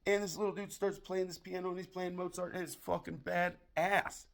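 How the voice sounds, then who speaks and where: A man's voice: high voice, moderate pace, creaky. Een man met een schorre, rauwe stem. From United States. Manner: profane, deadpan delivery of dirty jokes. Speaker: barroom joke teller. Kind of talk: crude comedic storytelling monologue.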